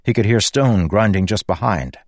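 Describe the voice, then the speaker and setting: Brief: low-voiced male narrator, measured and dramatic, dry close-miked audiobook read. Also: expressive, no room sound. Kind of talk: audiobook narration of fantasy fiction.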